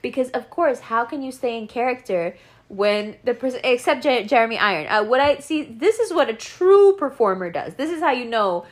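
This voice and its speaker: A woman talking casually in an animated, profane rant, laughing and doing mocking impressions. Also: fairly high pitch, moderate pace. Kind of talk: casual rant about actors.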